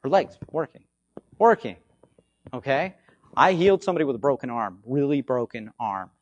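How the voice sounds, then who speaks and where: Animated, slightly hoarse male preacher. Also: moderate pace, highs cut off, slight background noise. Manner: animated, swings between loud bursts and low asides; repetitive, conversational, frequent "okay?" check-ins. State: hoarse from frequent yelling. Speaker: faith healing minister. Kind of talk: informal spoken teaching.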